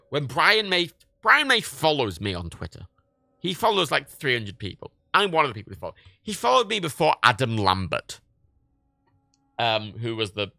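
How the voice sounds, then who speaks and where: Animated man with a gravelly voice. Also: mid-range voice, dry recording, clean studio sound. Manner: animated storytelling, swears a lot, laughs often. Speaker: livestream host. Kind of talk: casual livestream chat.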